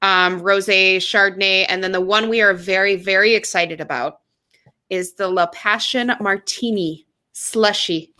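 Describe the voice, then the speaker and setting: A woman co-hosting a casual podcast chat, talking in quick, chatty asides. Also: mid-range voice, steady tone, sharp tone. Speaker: podcast co-host.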